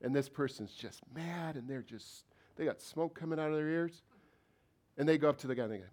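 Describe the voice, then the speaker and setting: A man's voice: on the high side, brisk, a little mellow. Conversational male pastor preaching. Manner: conversational, asks the congregation many questions. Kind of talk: sermon. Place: church.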